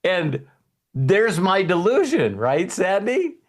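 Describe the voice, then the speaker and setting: A man coaching a client on faith, talking in a lively, repetitive way and laughing often. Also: high-pitched, slow. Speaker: life coach. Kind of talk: spiritual coaching call.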